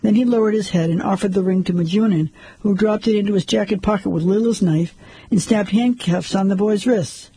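Male audiobook narrator, husky and dark-toned, dry close sound. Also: high voice, fairly quick, no room sound, poor audio.

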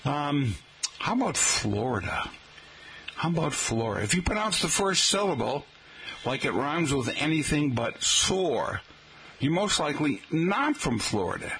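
A man's voice: a little high, big pitch swings, a little slow, fairly bright tone, slight background noise, poor audio. A man, a teacher giving a folksy talk-radio style lesson on regional pronunciation, spelling words out letter by letter and calling his listeners folks. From Boston area, Massachusetts.

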